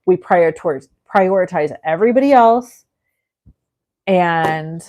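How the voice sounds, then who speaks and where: A woman's voice: fairly low pitch, measured pace, pauses often, darkish tone. A middle-aged woman hosting a live crafting stream, chatting with viewers in a gushing, effusive way as she works. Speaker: crafting livestream host.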